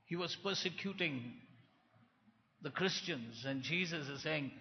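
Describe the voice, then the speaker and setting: A man preaching a sermon, swinging from quiet, low lines to loud, forceful bursts. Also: expressive, measured pace, a little hiss or hum. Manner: dramatic swings between soft and loud delivery. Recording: dull, echoey hall sound.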